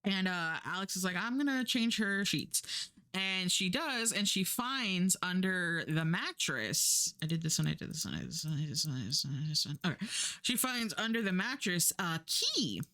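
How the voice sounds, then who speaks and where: A woman's voice: lowish voice, sharp tone. A young woman from the United States casually chatting as a streamer, retelling a story in a rambling way with lots of fillers and self-corrections, putting on voices for the people she quotes.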